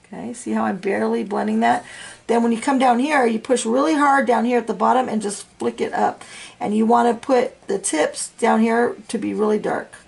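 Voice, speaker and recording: A woman teaching a coloring lesson, talking through each step in a soft, chatty way with plenty of fillers. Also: fairly high pitch, steady tone, normal speed, gravelly, breathy edge. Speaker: coloring instructor. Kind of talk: real-time art tutorial.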